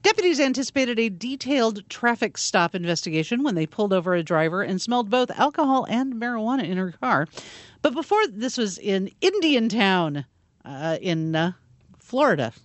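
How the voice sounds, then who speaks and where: Lively female radio co-host. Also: mid-range voice, normal speed, dry recording. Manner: lively, conversational news reading. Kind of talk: casual radio banter and news reading.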